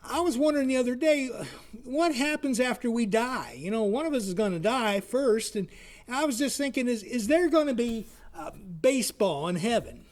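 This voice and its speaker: A man voicing an aging male softball player, folksy and earnest, stumbling and repeating his words. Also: very high voice, lively intonation, moderate pace, pitched above the performer's own voice.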